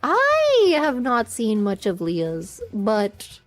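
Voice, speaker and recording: A woman's voice: on the high side, wildly swooping pitch, very slow, dry recording, soft background music. A woman streamer telling a story in a casual, rambling way, often giggling and restarting her sentences.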